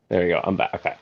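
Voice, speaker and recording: A man's voice: low voice, slightly rough. A man co-hosting a casual podcast over phone earbuds, talking loosely with plenty of fillers. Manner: loose, filler-heavy talk. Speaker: podcast co-host. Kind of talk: casual chat. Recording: dull phone-earbud audio.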